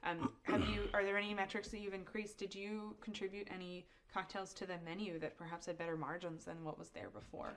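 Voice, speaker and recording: A woman's voice: medium pitch, little pitch movement, fairly quick, hardly any pauses, fairly bright tone. A woman co-hosting a podcast in casual chat, upbeat and laughing often. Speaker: podcast co-host.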